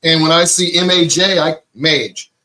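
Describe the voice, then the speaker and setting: A man's voice: fairly high pitch, steady tone, moderate pace, bright, forceful tone, rough recording. A middle-aged man co-hosting a casual talk show, joking and laughing often. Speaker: co-host. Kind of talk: casual chat.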